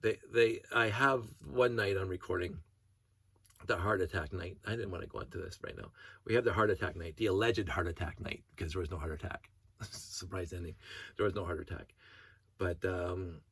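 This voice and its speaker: A man's voice: low-pitched, moderate pace, fairly bright tone, breathy edge, no echo. A man talking in a rambling, casual monologue as a hobby vlogger, restarting sentences and breaking into short laughs. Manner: rambling, self-interrupting storyteller who laughs between thoughts.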